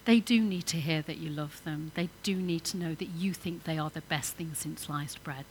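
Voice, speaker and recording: A woman's voice: sits low, normal speed, slight background noise. A woman giving an informal sermon to couples, chatty and coaxing the audience to join in. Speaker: church speaker on marriage.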